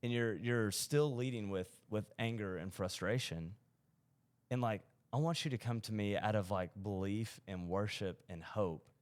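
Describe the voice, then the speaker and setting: Animated male podcast storyteller. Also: lowish voice, a little slow. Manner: storytelling, animated, many restarts. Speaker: podcast co-host. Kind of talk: casual faith podcast chat.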